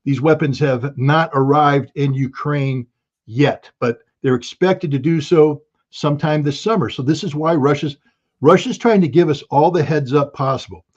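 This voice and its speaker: A man's voice: fairly high pitch, moderate pace, darkish tone, dull audio. A man speaking as a guest analyst in an interview, blunt and emphatic, now and then bursting into alarm. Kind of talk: interview commentary.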